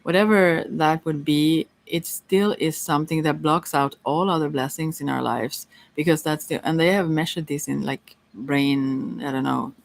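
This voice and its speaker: A woman giving a casual live-stream tarot reading, chatty and giggly, pausing often with fillers as she talks things through. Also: sits low, creaky, dry recording. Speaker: tarot reader.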